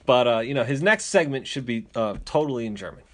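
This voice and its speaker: A man co-hosting a casual chat, who talks in a wry, teasing way and reacts with lively interjections. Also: mid-range voice, fast. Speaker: podcast co-host.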